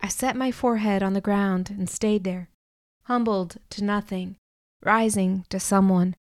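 A woman's voice: medium pitch, fairly even intonation, a little slow, no room sound. A woman reading a first-person novel aloud with earnest, emotional delivery, close to the mic. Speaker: audiobook narrator.

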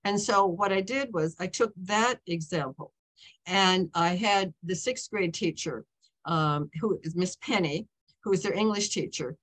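This woman in her seventies speaks a little slowly, her voice on the low side. She's an author telling stories casually, wandering off track and breaking in on herself with frequent "okay?" and "you know."

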